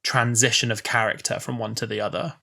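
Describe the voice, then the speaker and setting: A man's voice: mid-range voice, flat delivery, a little fast, creaky, sharp tone. A man in his twenties co-hosting a podcast, chatting casually and gushing with fan enthusiasm. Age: 20s. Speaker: podcast co-host. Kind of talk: casual chat.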